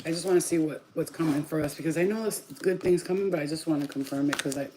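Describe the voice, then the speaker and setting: A woman giving a casual spiritual pep talk to her viewers as a reader, blunt, profane and animated. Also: low-pitched, fast talker, noisy background.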